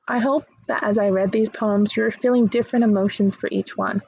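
Woman teacher, gentle and encouraging, husky voice, dry close sound. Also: mid-range voice, steady tone, brisk, few pauses, no room sound, low-quality recording. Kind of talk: recorded remote lesson, reading poems aloud.

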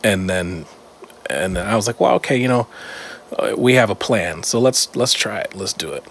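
A man's voice: low voice, animated, normal speed, fairly bright tone. A middle-aged man co-hosting a casual podcast, telling a story in a laid-back way, full of fillers and laughter. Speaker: podcast co-host. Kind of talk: casual chat. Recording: faint background noise.

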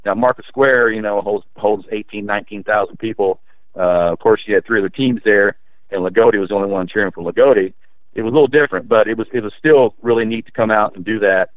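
A man recalling his high school basketball days in a rambling, casual way, full of restarts and fillers. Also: fast talker, no echo. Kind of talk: storytelling in a casual interview. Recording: dry, tinny phone-line sound.

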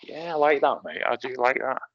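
A man's voice: medium pitch, very animated, a little fast, no echo, muffled recording. A man hosting a podcast, effusive and chatty, constantly calling his guest mate. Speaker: podcast host. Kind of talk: casual conversation.

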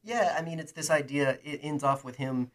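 A man's voice: a little high, moderate pace. A man hosting a casual chat, talking enthusiastically and rambling with plenty of fillers. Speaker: podcast host. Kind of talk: casual chat and reading aloud.

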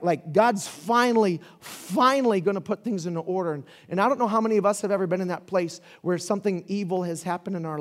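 A man preaching a sermon in a conversational, animated way, building to loud shouts. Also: high-pitched. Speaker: pastor.

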